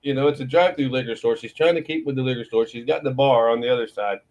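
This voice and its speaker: A man's voice: mid-range voice, quick pace, a little mellow, lo-fi sound. Rambling, profane man. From Florida. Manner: rambling storyteller, profane, laughs often. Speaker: morning show host. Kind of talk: casual chat.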